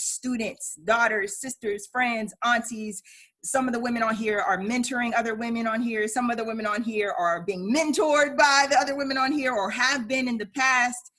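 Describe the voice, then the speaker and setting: A woman, hosting a poetry showcase and reading her own work. Her voice sits a bit high, and her delivery is rhythmic and emphatic, building into forceful peaks. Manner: emphatic, rhythmic, rising to shouts in performance. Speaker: poet and event host. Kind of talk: spoken word poetry and hosting.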